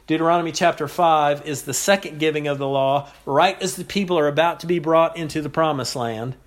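Man preaching a measured expository sermon. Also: a little high. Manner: measured teaching with pauses and repeated phrases.

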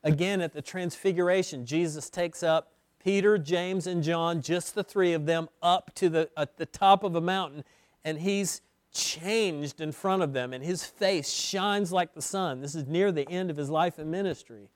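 A man preaching an expository sermon as pastor, emphatic, slowing down and repeating words for weight. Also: fairly high pitch, dry recording, clean studio sound. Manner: emphatic, with slow stretched phrases and repeated words.

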